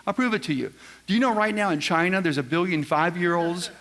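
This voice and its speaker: Man, seminar speaker, folksy and joking, somewhat high voice, long hall echo. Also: a little fast, a bit bright. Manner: quizzes the crowd, folksy and joking. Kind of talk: live seminar talk to an audience. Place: large event room with audience.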